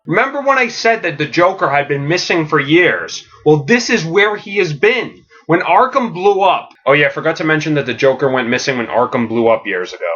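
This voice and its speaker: A man hosting a comedic podcast, pitching a story in a rambling, filler-heavy way with deadpan enthusiasm. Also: fairly quick, hardly any pauses, highs cut off.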